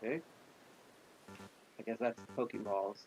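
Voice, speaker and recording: A man's voice: on the low side, steady tone, measured pace, darkish tone, soft background music. A man giving jokey, casual commentary while he plays a video game on stream. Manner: jokey, chatty, reacts aloud while playing.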